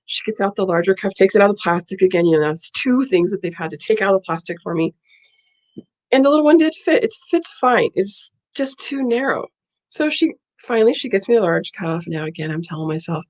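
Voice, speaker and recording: A woman's voice: on the low side, brisk. A woman vlogger telling a story in a casual, blunt and indignant way.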